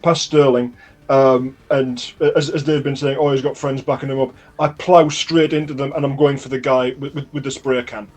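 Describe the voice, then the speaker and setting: A man's voice: mid-range voice, fairly even intonation, normal speed, a little mellow. A man playing a tabletop game, stammering as he asks about the scene. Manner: stammering, asks many questions. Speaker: player.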